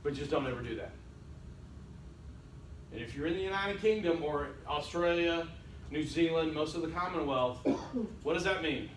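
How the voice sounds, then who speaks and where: A man's voice: fairly high pitch, normal speed, pauses often, slight background noise. Joking man lecturing, roomy. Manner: wry, joking asides to students. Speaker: college instructor. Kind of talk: classroom lecture. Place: classroom. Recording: echoey classroom from far off.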